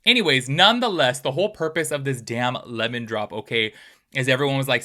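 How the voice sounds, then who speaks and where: A man hosts a casual commentary video, chatting at a brisk clip and turning often to his viewers. His voice is bright and forward. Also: medium pitch. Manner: chatty, animated, addresses viewers as y'all. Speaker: host.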